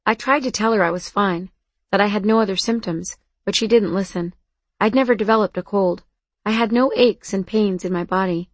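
A woman narrates a first-person novel in a soft, understated way. Her voice sits at a middle pitch, and the recording is dry and close with no room around it. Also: brisk, no echo. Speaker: audiobook narrator.

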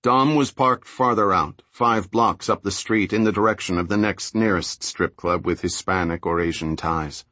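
A man reading a thriller audiobook in a steady, low-key scripted narration. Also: normal speed, hardly any pauses, dry recording.

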